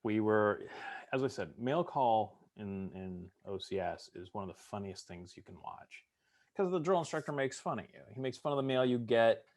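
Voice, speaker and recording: A middle-aged man with a fairly low voice tells his stories in a relaxed interview. He is good-humored and likes to act out the voices of the people in them. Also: moderate pace. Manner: humorous storyteller, acts out drill instructor voices. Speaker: veteran interviewee. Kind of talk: storytelling interview.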